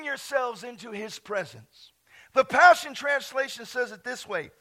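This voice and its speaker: A man preaching a lively sermon in a church, whooping, shouting out scripture and laughing at himself. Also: very high voice, a little slow. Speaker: pastor.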